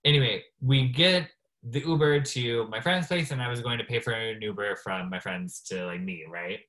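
A man's voice: medium pitch, moderate pace, fairly bright tone, poor audio. A man appearing as a drag performer guest in a casual interview, telling stories in a chatty way and filling them with "like.". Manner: chatty storyteller, frequent "like".

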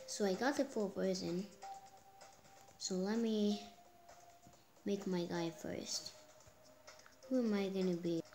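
A woman giving casual, excitable commentary while playing a phone game, cheering herself on. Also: mid-range voice, takes it slowly, long pauses. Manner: excitable, exclaims often, talks herself on. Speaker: gameplay streamer. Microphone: phone screen recording. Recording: clear game music underneath. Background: game music.

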